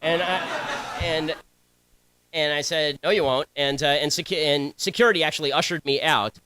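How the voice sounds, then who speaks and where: A young man giving a combative, sarcastic political speech to students, talking in rapid-fire bursts. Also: a little high, sharp tone, clean tone, rough recording. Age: young adult.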